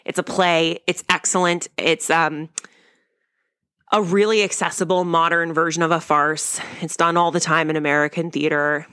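A woman's voice: sits low, flat delivery, moderate pace, sharp tone, clear, resonant tone, no room sound, studio quality. A young woman hosting a podcast, recapping a sitcom episode in a chatty, wry and opinionated way. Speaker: podcast host.

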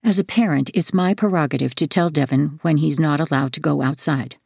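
A woman narrating a first-person memoir audiobook in a measured, plain storytelling way. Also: low voice, creaky, darkish tone, slightly rough, no echo, clean studio sound.

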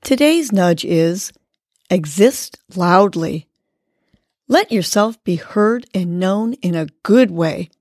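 A woman hosting a podcast, leading a guided breathing exercise and giving a gentle, encouraging pep talk. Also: fairly low pitch, lively intonation, takes it slowly, dry recording, studio quality. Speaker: podcast host.

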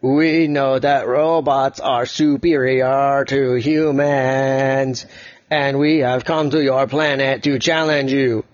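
A stiff, formal alien robot drawls each word slowly, as a man puts the voice on for a bedtime story. The sound is dull and lo-fi, like a home recording. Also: mid-range voice, steady tone, no room sound, close to an everyday voice. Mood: robotic, stern. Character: slow booming male alien robot.

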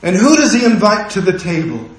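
A man's voice: high-pitched, animated, measured pace. A man preaching a sermon as pastor, impassioned and full of rhetorical questions. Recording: very echoey room.

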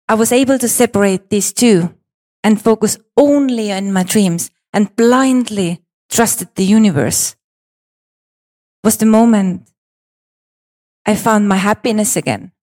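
A woman giving a storytelling speech on stage, swinging between hushed pauses and excited pleading, with repetitions. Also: mid-range voice. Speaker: speaker presenting a personal story.

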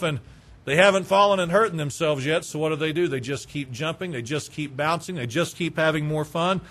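A man's voice: a little high, fairly quick, a bit bright. A man preaching a sermon as pastor, building with rhetorical questions.

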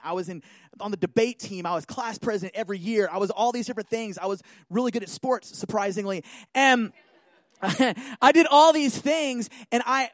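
A man giving an animated talk, telling a personal story and often checking in with listeners. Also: high voice, no room sound. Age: adult.

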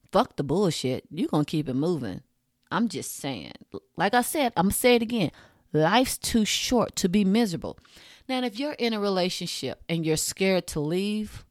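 A woman's voice: fairly low pitch, a little mellow, no room sound. A woman podcast host, ranting frankly and profanely in a casual monologue into a close mic. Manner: frank, profane, rants with punchy asides.

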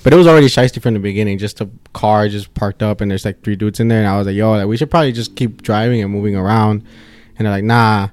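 A man's voice: on the low side, steady tone, quick pace, a little mellow, clear, resonant tone. A man on a podcast telling a story in casual chat, with loose slang and free swearing. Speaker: podcast co-host.

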